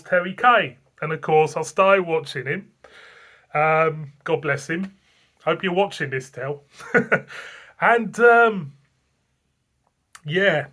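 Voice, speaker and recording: A man's voice: fairly high pitch, fairly bright tone. A man, hosting a beer review channel, tells a rambling, chatty story full of fillers and repeated phrases. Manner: rambling, repeats himself, frequent fillers and chuckles. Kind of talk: casual anniversary vlog storytelling.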